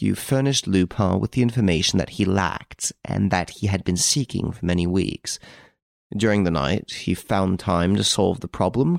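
A man's voice: deep voice, gravelly, no echo. A man doing a curt, grumbling English detective. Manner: grumbling, clipped, dry. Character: gruff, curt English detective, terse and dry.

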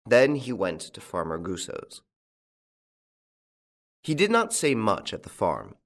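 A male audiobook narrator with a lowish voice that rises and falls animatedly. He tells the story in an expressive, storyteller's manner. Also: takes it slowly, long pauses.

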